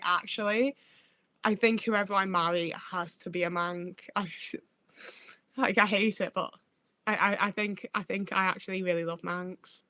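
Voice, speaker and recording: A woman's voice: medium pitch, a bit bright, no echo. Young northern English woman streamer, loose and sweary, laughs a lot, mid-range voice, close and dry. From Stoke-on-Trent, England. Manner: chatty and laughing, swears freely. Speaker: livestreamer reading chat. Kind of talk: casual chat.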